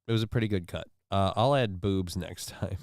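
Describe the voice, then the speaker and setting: A man's voice: low-pitched, moderate pace, gravelly, darkish tone, no echo, clean studio sound. A man hosting a casual live stream, reading viewer comments and news stories aloud with sarcastic, offhand remarks. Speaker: livestream show host.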